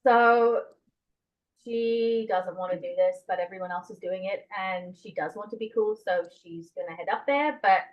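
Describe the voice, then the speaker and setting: A woman's voice: medium pitch, moderate pace. A woman playing in a tabletop game with a dry, wry manner, describing her character. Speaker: player. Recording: slightly dull lo-fi mic.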